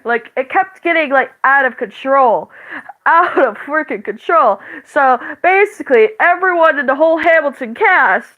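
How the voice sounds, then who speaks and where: In a casual dream story, a female channel host giggles, says "like" to fill pauses, and repeatedly breaks off to restart. She sounds high-pitched and expressive over narrow, tinny audio.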